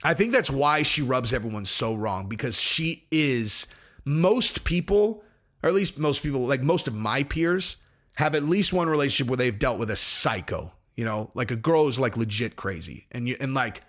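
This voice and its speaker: A man's voice: medium pitch, animated, normal speed, a bit bright. A man hosting casual commentary, talking in an emphatic, rambling way with frequent restarts. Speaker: host.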